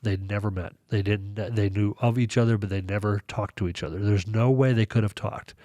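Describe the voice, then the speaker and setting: A man's voice: fairly low pitch, a little fast, no room sound. A man telling a personal story in casual conversation, acting out what people said to him. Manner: animated storyteller, acts out quoted dialogue. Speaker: podcast guest.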